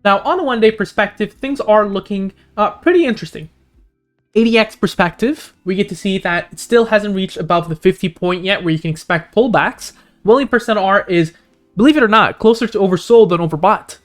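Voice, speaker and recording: A man hosting a stock analysis channel, walking through chart indicators and price levels, his voice going hoarse. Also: faint music behind. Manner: rapid figures and indicator names, pitch jumping up on key points. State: losing his voice. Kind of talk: screen-share chart walkthrough.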